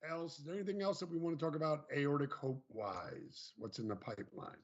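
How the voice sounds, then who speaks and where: A man hosting a casual live-stream interview over a video call, talking haltingly with many restarts. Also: on the high side, sing-song. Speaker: host. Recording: dull lo-fi stream audio.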